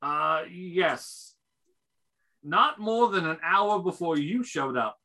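A game master voicing a rugged middle-aged male innkeeper who stalls and calls people "mate", slow and bright-toned. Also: mid-range voice, lively intonation, pitched above the performer's own voice, rough recording. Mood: evasive. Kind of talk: tabletop role-play voice.

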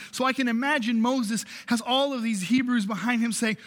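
A man's voice: high voice, steady tone, moderate pace, few pauses, pushed and bright, big-room sound. A man preaching a sermon, telling the story and repeating key phrases for emphasis. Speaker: pastor.

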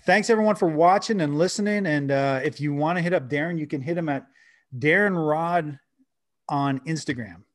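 A man's voice: on the high side, quick pace, hardly any pauses. A man from Canada hosting a casual podcast interview, talking in a rambling, friendly way with frequent restarts. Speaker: podcast host.

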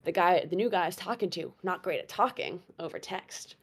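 Chatty young woman, lowish voice. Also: fairly quick, husky. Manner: animated, laughing, chatty with many fillers. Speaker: guest storyteller. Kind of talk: casual storytelling chat.

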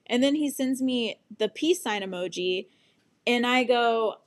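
A young woman recounts a story at an unhurried pace, her voice sitting a little high. She sounds exasperated and swears freely, slipping into the voices of the people she quotes. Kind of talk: casual storytime monologue.

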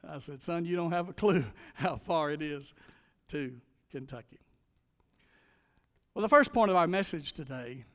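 A man's voice: a little high, unhurried, pauses often, fairly bright tone. An older man preaching a sermon as pastor, retelling scripture with dramatic emphasis. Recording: long reverb of a large hall.

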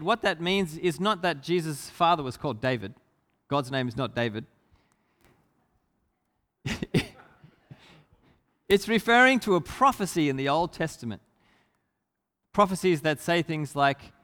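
A man's voice: sits high, animated, normal speed, a bit bright. A man preaching a sermon, telling a story with emphasis and asking the congregation rhetorical questions. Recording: long hall reverb.

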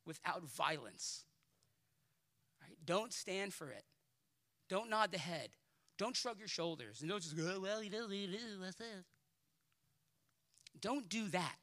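A man's voice: sits high, pushed and bright. A male pastor preaching a sermon in a passionate, pleading, emphatic way, with colloquial asides and repeated words.

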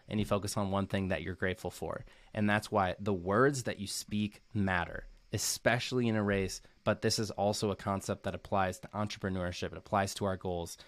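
Earnest low-voiced man recapping. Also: no echo. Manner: earnest, frequent "like" fillers, repeats key phrases. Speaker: motivational speaker and coach. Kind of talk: casual recap to camera.

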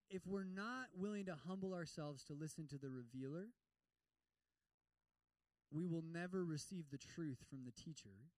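A male pastor giving a lively sermon, acting out prayers in other voices and slipping in humor. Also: on the high side, dry recording, distant mic, rough recording.

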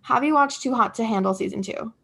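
Young woman cohosting a pop culture podcast, lots of fry, gushy and laughing a lot. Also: fairly high pitch, quick pace, fairly bright tone. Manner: chatty, gushing, laughs often. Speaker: podcast co-host. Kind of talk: casual pop culture chat.

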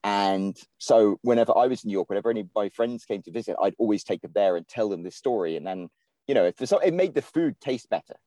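British man, low mellow voice, dry close sound, rambling podcast guest, lots of fillers. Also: expressive, quick pace, no echo. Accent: British English. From England. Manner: rambling, many fillers and restarts. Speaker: guest writer. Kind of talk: casual podcast chat.

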